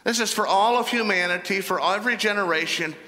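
A man's voice: high-pitched, fast talker, bright, forceful tone. A man preaching a sermon as pastor, emphatic and repeating phrases for stress. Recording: long hall reverb.

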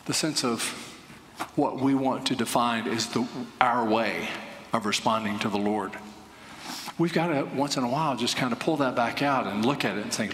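A man's voice: mid-range voice, normal speed, a bit bright, slight background noise. A man preaching a sermon, telling a personal story earnestly and rising to emphatic points. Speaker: pastor. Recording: echoey hall with faint ambience.

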